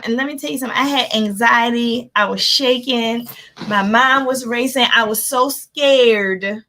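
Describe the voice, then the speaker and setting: High pitched woman motivational coach, lively, laughs a lot, bright tone. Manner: animated, laughs often, acts out her own reactions. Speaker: life coach hosting a live motivational session. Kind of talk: energetic motivational talk.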